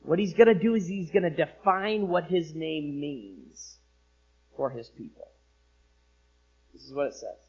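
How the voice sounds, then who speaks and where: A man preaching a sermon as pastor, with expressive delivery that rises for emphasis and drops low. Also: unhurried, long pauses, slightly rough, highs cut off. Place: church sanctuary.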